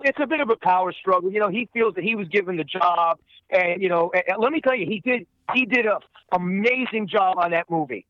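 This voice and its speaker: A man's voice: high-pitched, no room sound, muffled recording. A man, a guest voice actor, telling profane anecdotes in a rambling way, repeating himself and swearing freely.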